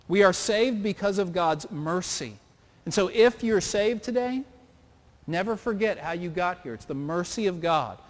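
High-voiced preacher in a reverberant hall. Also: male voice. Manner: earnest, questioning, preacherly cadence. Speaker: pastor. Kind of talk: sermon. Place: church sanctuary.

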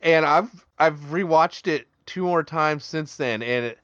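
A man's voice: fairly high pitch, unhurried, fairly bright tone, clean tone, no room sound, dull audio. A man co-hosting a podcast in casual chat, rambling and jokey. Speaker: podcast co-host.

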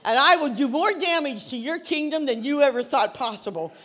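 A woman pastor preaching a sermon, telling a story with lively, casual acted-out dialogue. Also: high-pitched, fairly quick. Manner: animated storytelling, acts out biblical characters in casual modern speech.

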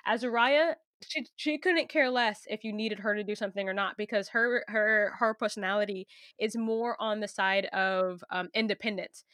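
A woman's voice: medium pitch, fairly even intonation, normal speed, few pauses, a bit bright, dry recording. Chatty young woman hosting a dry-sounding podcast. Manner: chatty, laughs easily, talks to listeners directly. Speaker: podcast host. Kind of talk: casual podcast interview.

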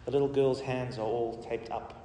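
Middle-aged pastor guy telling a story in a church hall, loud then quiet, roomy echo, mic kinda far. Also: mid-range voice, moderate pace, slight background noise. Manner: animated storytelling, rising and falling in volume. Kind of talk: sermon testimony.

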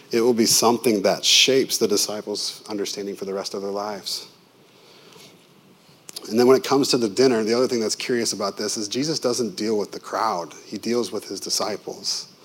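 A pastor delivers his sermon in a relaxed, conversational way, leaning on vivid asides and questions to his listeners. His voice sits on the low side for a man. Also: breathy edge.

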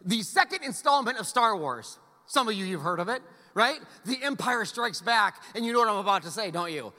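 A high-pitched, very bright male pastor preaching with wide, lively swings in his voice. He tells stories in a playful, ranting way, and his words ring out with a long hall reverb. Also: brisk. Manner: animated storyteller, playful ranting. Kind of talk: sermon.

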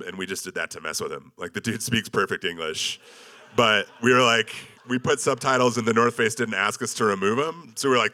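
A man with a low, bright voice jokes his way through an expedition slideshow. He tells the story casually over his slides, poking fun at himself and filling his speech with lots of ums and likes.

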